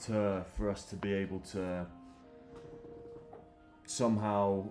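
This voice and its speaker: A man taking part as a player in casual tabletop game talk, deliberate and slightly formal. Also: fairly low pitch, flat delivery, a little mellow. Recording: roomy sound with background music.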